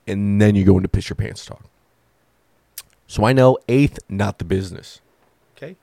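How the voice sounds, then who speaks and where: A man telling a long comic story in a profane, animated way, acting out the lines of the people in it. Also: lowish voice, moderate pace, dry recording. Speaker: comedian. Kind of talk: stand-up storytelling.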